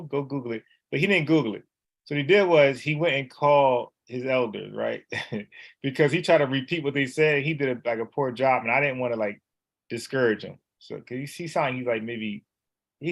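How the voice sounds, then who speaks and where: Explaining letters one by one and repeating his words, a Bible teacher speaks in a casual, conversational manner. His voice is mid-range and a touch bright.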